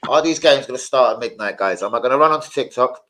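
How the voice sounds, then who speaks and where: A man's voice: medium pitch, fast talker, slight background noise, poor audio. A young man, telling crude, swear-filled stories on a live stream. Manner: crude, swearing, animated storytelling. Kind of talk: casual live stream chat.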